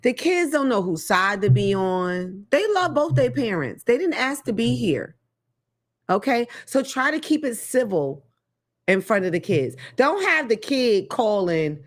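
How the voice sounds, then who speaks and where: Animated, profane woman host. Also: medium pitch. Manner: blunt, profane, animated, laughs often. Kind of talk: casual commentary monologue.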